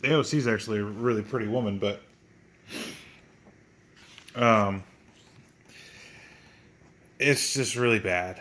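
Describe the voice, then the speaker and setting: A man's voice: fairly low pitch, unhurried, pauses often, a bit bright. A man reviewing a comic book in a mocking, sneering way, swearing often and restarting his sentences.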